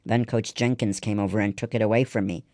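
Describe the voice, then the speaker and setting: A man's voice: lowish voice, steady tone, quick pace, darkish tone, no room sound, studio quality, close to an everyday voice. A man reading the lines of a spirited, stubborn young girl ballplayer in a storybook. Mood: eager.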